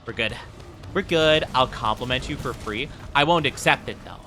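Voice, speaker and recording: With faint music behind him, a male streamer talks at a moderate pace in a bright, forceful mid-range voice. He casually banters with his viewers as he games, teasing himself along the way.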